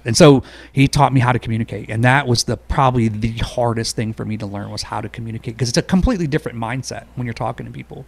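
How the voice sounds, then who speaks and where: A man who is an Army veteran, telling stories in a blunt, quick, conversational way as an interview guest. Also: mid-range voice, vocal fry, no echo. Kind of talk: casual interview storytelling.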